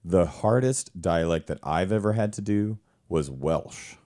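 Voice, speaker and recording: Low-pitched male stage actor in relaxed conversation; lively anecdotes, quick to laugh. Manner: animated storyteller, laughs often. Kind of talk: casual conversation.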